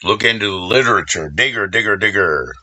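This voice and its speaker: A man streaming live, rambling and swearing casually while he shouts out viewers by name. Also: lowish voice, brisk, dry recording, rough recording.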